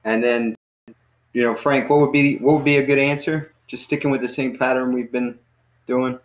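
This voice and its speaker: A man's voice: medium pitch, steady tone. Patient male teacher on an echoey call. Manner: patient, coaching, spells words out slowly. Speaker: Greek teacher. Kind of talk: online class teaching. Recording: echoey, muffled video call audio.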